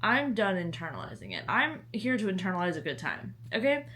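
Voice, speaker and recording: A woman's voice: mid-range voice, huge pitch swings, brisk, a little hiss or hum. Bubbly chatty young Southern woman. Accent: Southern American. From American South. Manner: bubbly, chatty, dramatic swings into shouting and laughter. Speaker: book vlogger. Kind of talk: casual vlog chat.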